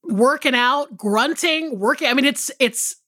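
Bright, high-voiced chatty woman. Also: a little slow. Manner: rambling, animated, swears freely, many fillers. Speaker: podcast co-host. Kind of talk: casual chat.

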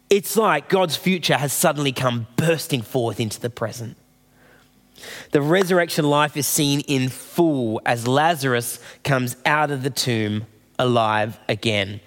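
A man's voice: mid-range voice, a bit bright. A man giving a sermon in a conversational, storytelling way, acting out the people he quotes. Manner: conversational storytelling preaching, voices quoted figures. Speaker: preacher. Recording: long reverb of a hall.

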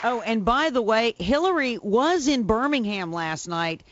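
A woman's voice: fairly high pitch, animated, measured pace, muffled recording, a faint crowd, a little hiss or hum. A woman co-hosting a political radio show, reporting in a matter-of-fact way with fillers.

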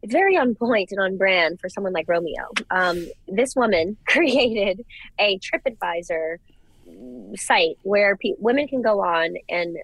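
A young woman co-hosting a casual podcast chat, gushing and animated as she gives her opinions. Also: mid-range voice, measured pace, rough recording. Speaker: podcast co-host.

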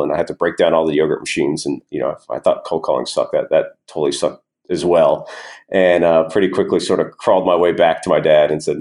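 A man with a very low voice talks through his career as an interview guest. He rambles easily, circling back with fillers and restarted phrases. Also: darkish tone. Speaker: guest entrepreneur. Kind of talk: casual interview storytelling.

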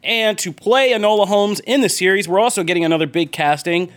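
A man's voice: sits high, brisk, a bit bright. A man hosting a podcast in casual chat, joking and rambling with fillers. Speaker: podcast host.

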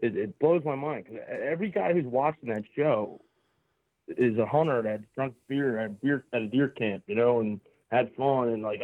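A man's voice: medium pitch, normal speed, no room sound. A man from Southeast Pennsylvania chatting as a podcast guest, earnest and rambling, circling back through restarts. His voice sits mid-range and comes through a thin, phone-like line with a dry, close sound. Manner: earnest, rambling, many restarts and "you know"s. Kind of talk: casual chat. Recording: tinny phone-like call line.

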